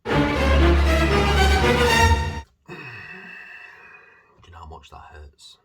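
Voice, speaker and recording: A British man chatting in a rambling, self-mocking way in a casual video diary, dry-mouthed from fasting. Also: rumbling low, over music. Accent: British English. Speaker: vlogger.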